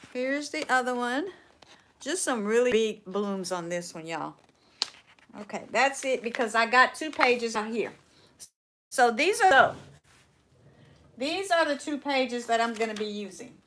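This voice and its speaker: A woman's voice: on the high side, pushed and bright, a little hiss or hum. A woman with a Southern US accent hosting a casual furniture upcycling livestream, folksy and chatty, often trailing off and restarting her sentences.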